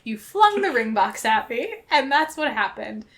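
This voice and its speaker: A woman's voice: on the high side, big pitch swings, a little slow, fairly bright tone. A woman co-hosting a podcast, retelling a story in casual chat, acting out the characters' lines and laughing often. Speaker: podcast co-host.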